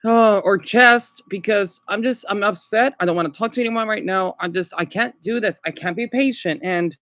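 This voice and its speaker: A man livestreaming from home in an unscripted rambling vlog. He sounds upset and exhausted, talks haltingly, repeats himself and keeps tagging lines with "okay?". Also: high-pitched, a bit bright, dry recording. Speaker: vlogger livestreaming.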